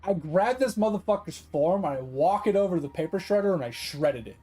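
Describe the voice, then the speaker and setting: A man's voice: high voice, brisk, rough recording. A man telling a long story casually while streaming a game, swearing freely and acting out the people he quotes. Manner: profane, animated storyteller who acts out quoted voices.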